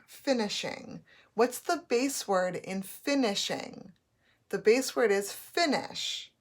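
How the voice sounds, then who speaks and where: A woman teacher giving a slow, patient phonics lesson to young children, spelling out letters as she goes. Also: mid-range voice.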